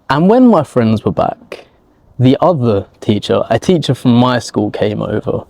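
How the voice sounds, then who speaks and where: Slow, mellow man telling a story. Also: medium pitch, no room sound. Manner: animated, acts out scenes and quotes. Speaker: language teacher telling a story.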